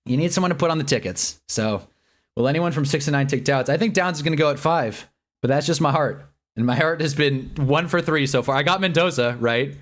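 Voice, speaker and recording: Excitable high-voiced man streaming live. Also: brisk. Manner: excitable, rambling, laughs often. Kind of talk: live draft reaction stream.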